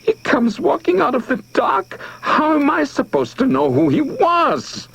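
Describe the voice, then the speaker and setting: A man's voice: a little high, wildly swooping pitch, moderate pace, breathy edge, voice pushed up, heavily acted. A man voicing a frightened, whiny middle-aged neighbor who talks in a panicky, pleading way in an audiobook. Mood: desperate. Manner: whining, panicky.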